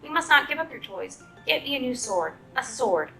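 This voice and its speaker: A woman's voice: sits high, very animated, normal speed, bright, forceful tone, soft background music, voice pushed up, heavily acted. A woman voicing a gallant, courtly male Nutcracker prince in a storybook reading, speaking tenderly.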